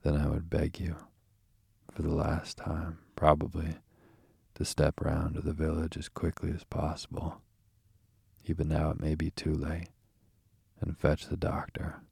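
A man's voice: very deep voice, monotone, unhurried, creaky, dark tone, slightly rough, dry recording, studio quality, heavily acted. A man doing a feeble, languid toad on his sickbed. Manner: languid, murmuring, weak. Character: feeble self-pitying male toad, sickbed martyr.

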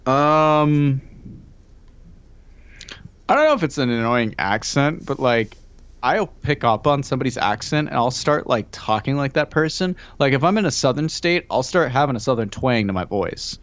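A man's voice: mid-range voice, lively intonation, normal speed, fairly bright tone, clear, resonant tone, lo-fi sound. A man co-hosting a podcast, rambling and joking in casual chat. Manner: rambling, joking, lots of "like" fillers. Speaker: podcast co-host.

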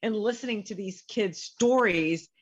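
Animated woman telling a story. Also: mid-range voice, a little slow, husky, muffled recording. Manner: animated, acts out quoted voices. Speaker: guest, author. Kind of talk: storytelling in a casual interview.

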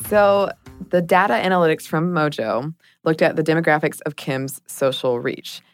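A woman's voice: low-pitched, moderate pace, no echo, faint music behind. A woman co-hosting a podcast in casual chat, reflective and hedging, laughing often. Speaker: podcast co-host.

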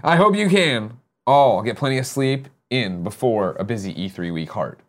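A man hosting a casual morning show, joking and swearing in fast banter, tired after a busy weekend. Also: medium pitch, expressive. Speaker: show host.

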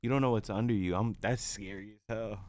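A man's voice: lowish voice, fairly even intonation, a little fast, darkish tone, dry recording. A man in casual chat, reacting expressively and swearing.

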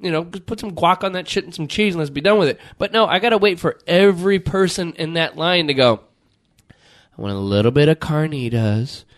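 A man's voice: sits high, fast talker, hardly any pauses. A man hosting a casual chat, ranting with lots of swearing and putting on voices when he quotes people. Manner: profane, exasperated ranting with mock-voiced quotes.

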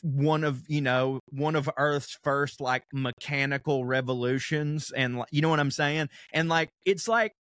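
A man's voice: on the high side, fairly even intonation, unhurried, few pauses, a bit bright, no echo, studio quality. A young man co-hosting a podcast, chatting casually in a rambling, profane way and laughing often. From American South. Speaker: podcast co-host. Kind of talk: casual chat.

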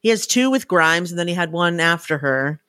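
A woman co-hosting a casual podcast chat, telling stories in a lively way and slipping into loud, excited voices for the people in them. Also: fairly low pitch, moderate pace, no room sound, studio quality. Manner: animated storytelling, breaks into loud excited impressions. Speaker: podcast co-host.

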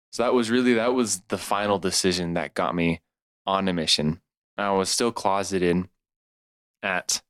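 A young man from California tells a deeply personal story with earnest, heartfelt sincerity. His voice sits low and sounds smooth and clear. The recording is dry and close, with no room sound. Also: a bit bright, no room sound. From California, USA. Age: 20s. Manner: earnest and heartfelt, laughs at himself. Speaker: podcast guest.

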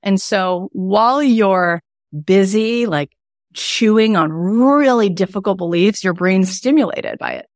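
A woman in her forties leading a spiritual self-help workshop, emphatic and animated, repeating words for effect. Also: mid-range voice, measured pace, dry recording, clean studio sound. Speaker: workshop teacher.

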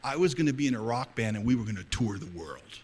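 A man's voice: mid-range voice, expressive, quick pace, breathy edge. Man preaching with fervent, rising intensity. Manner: swings between hushed, intimate confiding and loud, fervent preaching. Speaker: pastor. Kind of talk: sermon. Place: church hall before a congregation.

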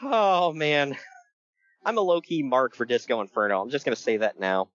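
A man's voice: medium pitch, moderate pace, fairly bright tone, muffled recording. A man co-hosting a podcast, recapping wrestling in a jokey casual chat, laughing often.

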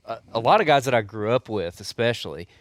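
A man's voice: medium pitch, animated, fast, no echo. A man hosting a podcast, chatting in a laid-back, slangy way. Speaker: podcast host. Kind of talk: casual podcast chat.

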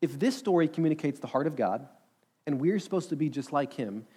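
A man delivers a sermon in an earnest, conversational tone. He keeps asking the listeners questions as he preaches. His voice sits a touch higher than most men's. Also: lively intonation, brisk, warm tone, husky. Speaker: pastor.

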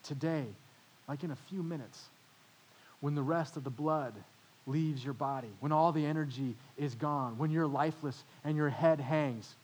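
A man's voice: fairly high pitch, normal speed, a little mellow, husky. A male pastor preaching a sermon in a church, retelling a story dramatically. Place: church with overflow room.

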